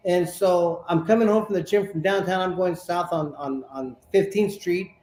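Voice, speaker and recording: High-voiced man telling a boxing story. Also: moderate pace, roomy sound. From Sacramento, California. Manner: animated storyteller, repeats words while talking. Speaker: interview guest, former boxer. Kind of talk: casual storytelling interview.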